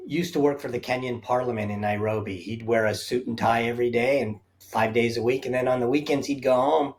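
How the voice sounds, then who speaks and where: A man speaking as a guest on an interview podcast, earnest and reflective, laying out his points one by one. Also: mid-range voice. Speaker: guest, safari company founder. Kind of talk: conversational interview answers.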